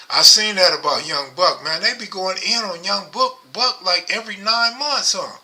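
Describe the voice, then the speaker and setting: A middle-aged man hosting a casual livestream, talking low and rambling close to his microphone. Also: lively intonation, moderate pace, few pauses, pushed and bright. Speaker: livestream host. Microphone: microphone held close.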